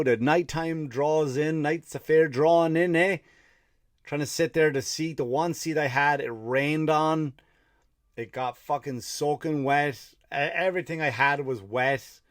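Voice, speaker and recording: Clean studio audio with no room sound captures a mid-range male voice from Ireland. He hosts a comedy podcast and rambles through a story packed with cursing and worked-up rants about being tired after a 50-mile run.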